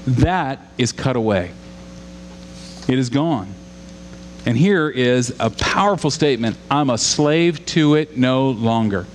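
A man's voice: medium pitch, expressive, slow. Man preaching in a reverberant hall. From Louisiana. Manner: earnest, rising to emphatic repetition, asks the congregation questions. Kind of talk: sermon. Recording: long hall reverb with faint hum.

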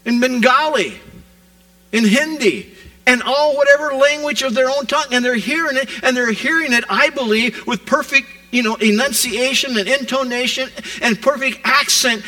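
A man preaching a sermon, retelling scripture as a vivid modern scene, rising loud and dropping to a hush. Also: very high voice, poor audio. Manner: animated storytelling preacher, swings from loud to hushed. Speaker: pastor.

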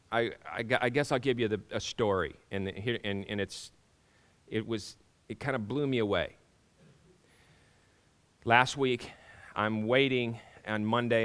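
A man's voice: on the low side, fairly bright tone, clear, resonant tone. Middle-aged man, pastor, casual sermon voice, stop-start phrasing, keeps questioning the room. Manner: conversational, halting restarts, rhetorical questions to the congregation.

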